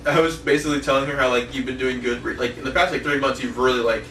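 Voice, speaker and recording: A man's voice: medium pitch, steady tone, quick pace, fairly bright tone. A young man co-hosting a casual podcast, telling rambling stories full of swearing and laughter. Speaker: podcast co-host. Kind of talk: casual chat. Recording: echoey room from far off, faint noise.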